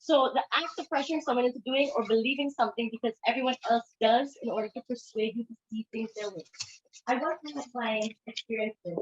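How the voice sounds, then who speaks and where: A woman with a voice on the high side talks at a quick pace during an informal conference presentation. She is a therapist, chatting conversationally and performing quoted lines in different voices. The sound is dull and lo-fi, with an echoey room.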